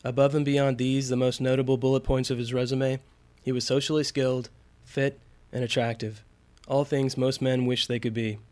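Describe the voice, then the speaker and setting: Male storyteller, measured, suspenseful delivery, steady mid pitch. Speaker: narrator. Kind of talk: scripted story narration.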